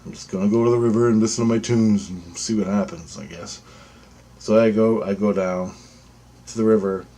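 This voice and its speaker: Husky low-voiced man rambling a story. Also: fairly quick, mellow. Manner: rambling, repetitive, swears freely. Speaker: vlogger. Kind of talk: casual spoken storytelling.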